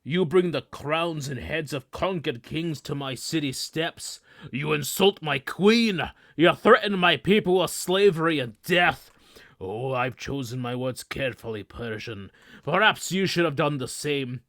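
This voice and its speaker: A man playing a proud, furious Spartan king in a movie scene reenactment, roaring with hushed menacing drops. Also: a little high, measured pace, no echo, studio quality.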